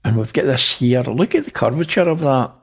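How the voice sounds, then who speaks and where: A man's voice: mid-range voice, expressive, fairly quick, gravelly, slightly rough. A man hosting, casually talking through images and pointing things out. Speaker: host. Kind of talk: casual narration over images.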